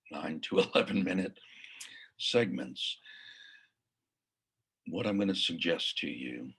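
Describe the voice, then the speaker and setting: Male mindfulness coach, husky and unhurried, casual teaching tone with soft whispered asides. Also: very deep voice. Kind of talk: casual spoken lesson.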